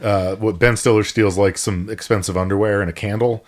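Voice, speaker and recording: A man co-hosting a podcast, giving loose, relaxed plot summaries and laughing often. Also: fairly low pitch, brisk. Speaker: podcast co-host. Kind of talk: casual movie recap chat.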